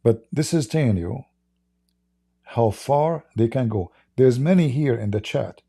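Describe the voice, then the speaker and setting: A man hosts a livestream and tells a long story in a loose, rambling way, acting out each side of the exchange. His voice is very dark and mellow, with a gravelly edge and a husky grain. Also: medium pitch, expressive, unhurried. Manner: rambling, acts out quoted dialogue. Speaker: livestream host. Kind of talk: casual storytelling monologue.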